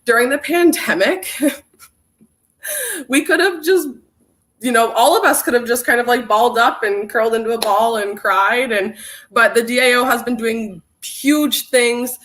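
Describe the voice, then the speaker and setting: A woman's voice: on the high side, fairly even intonation, normal speed, fairly bright tone. A young woman hosting an informal online workshop, chatting casually and greeting viewers by name as she reads their comments. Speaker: workshop host. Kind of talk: casual livestream chat.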